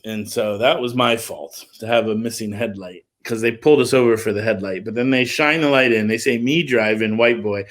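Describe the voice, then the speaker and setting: A middle-aged man, a music promoter, casually telling an animated story on a livestream call, with lots of filler words. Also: fairly low pitch, a little fast, hardly any pauses.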